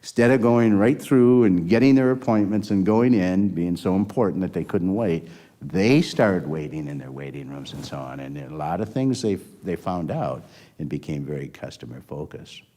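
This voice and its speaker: In an interview, an older man who was formerly a health system executive rambles through a long story and performs the dialogue within it. His voice sits low, dark in tone, expressive, and moderately paced.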